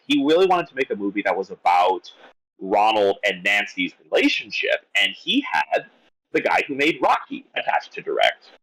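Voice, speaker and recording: Over a rough recording, a man with a mid-range voice rants about a film on a casual podcast. He sounds animated and exasperated, stumbling and restarting his sentences again and again.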